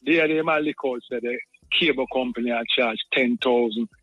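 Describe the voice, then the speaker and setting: A man's voice: mid-range voice, fairly even intonation, moderate pace, breathy edge, no room sound, dull audio. A man with a Jamaican accent calling in to a radio talk show, rambling in patois and often repeating his words. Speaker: caller.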